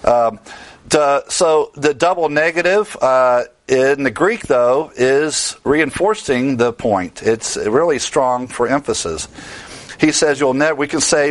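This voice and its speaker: A man's voice: on the high side, lively intonation, measured pace, dry recording. A man teaching the Bible in a sermon style, earnest and emphatic, stressing key words.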